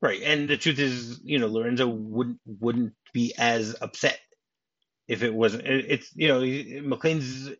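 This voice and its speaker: Male podcast guest, husky, dull lo-fi sound, chatty recap style. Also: mid-range voice, unhurried, a bit bright. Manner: recaps scenes in detail, many fillers. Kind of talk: casual film discussion.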